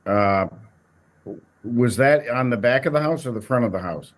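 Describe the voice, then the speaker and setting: A male judge questioning a litigant in a courtroom. He is calm and probing, and his questions are broken by uhs and ums. His voice sits at an ordinary middle pitch. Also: moderate pace.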